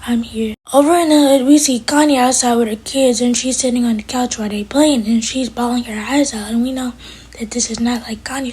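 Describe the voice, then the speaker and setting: A woman's voice: on the high side, a little mellow, breathy edge. A woman giving a chatty, slangy recap of a TV episode, talking straight to her viewers. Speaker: TV episode reviewer.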